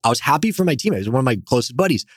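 A male founder talks as a guest with animated, energetic storytelling. His voice sits in an ordinary middle register. The sound is close and dry. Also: medium pitch, racing, dry recording. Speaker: company founder and CEO, guest. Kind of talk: casual storytelling interview.

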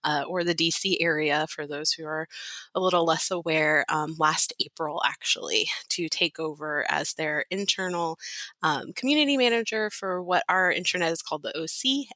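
A woman from South Carolina, a podcast guest chatting casually about herself and her work, upbeat and quick to laugh. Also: sits low, pushed and bright, dry recording. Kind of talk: casual interview chat.

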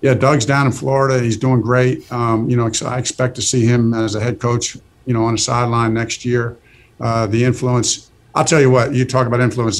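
A middle-aged man, a football coach guest, speaking earnestly with many restarts in a casual interview. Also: medium pitch. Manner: earnest, halting, full of restarts.

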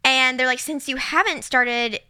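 A young woman with a bright, crisp voice sits at the mic for a relaxed podcast conversation. She tells her story with animation and slips into the voices of the people she quotes. Her tone sits a little above the usual pitch. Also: measured pace. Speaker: podcast co-host. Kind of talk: casual chat.

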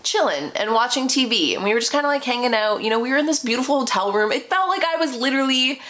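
A woman's voice: high-pitched, lively intonation, quick pace, a bit bright. A young woman hosting a podcast, telling a personal story in a candid, chatty way with many "like" fillers. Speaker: podcast host.

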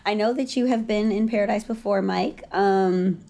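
A woman guest in a casual chat, animated and dramatic, often laughing as she talks. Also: mid-range voice, normal speed.

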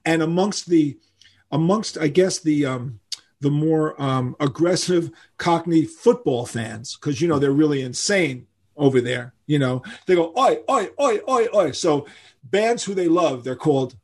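An older rock musician from New York spins a long story in a casual interview. His voice is gravelly and a bit husky. He is lively and acts out the people he quotes. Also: a little high, a little slow.

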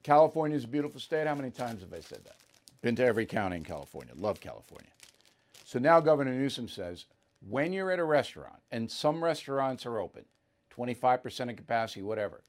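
A man's voice: mid-range voice, very animated, brisk. A male talk host delivering blunt, combative opinion commentary with mocking asides.

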